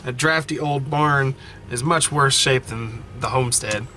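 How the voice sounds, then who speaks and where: A man playing a story game at home, reading the text aloud with animated running commentary and frequent self-corrections. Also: mid-range voice, measured pace, a little hiss or hum. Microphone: desk mic, wearing headphones.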